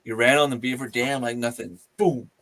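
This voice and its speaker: A man tells a story on a live chat show. His delivery is animated and full of quick restarts, at an ordinary middle pitch. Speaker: panel speaker.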